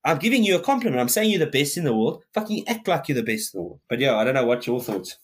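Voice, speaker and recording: A man's voice: mid-range voice, very animated, fast, breathy edge. A man, co-hosting a podcast, ranting heatedly in casual chat and swearing often. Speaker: podcast co-host.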